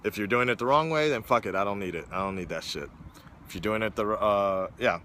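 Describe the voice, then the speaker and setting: A man's voice: on the low side, a little fast, sharp tone, slight background noise. Rambling, profane young man. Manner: profane, meandering, frequent restarts. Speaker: streamer vlogger. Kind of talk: rambling casual monologue. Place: hotel room.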